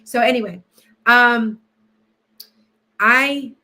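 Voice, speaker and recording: Talking extremely slowly in a slightly high, sharp voice, a woman hosts a casual livestream as a tarot reader. She wanders off track and keeps restarting while getting set up and chatting with viewers.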